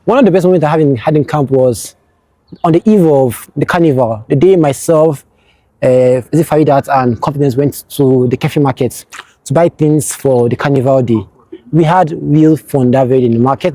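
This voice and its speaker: A young man, interviewed as a platoon executive, tells casual stories about camp memories in a warm, medium-pitched voice with no room sound. His delivery is halting, and he often repeats words while gathering his thoughts.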